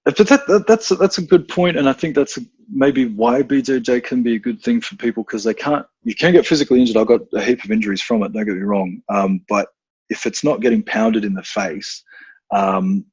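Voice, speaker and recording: Husky, fast-talking blunt man. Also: medium pitch, dry recording, dull audio. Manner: blunt and profane, animated storytelling. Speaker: podcast guest, combat instructor. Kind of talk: casual podcast conversation.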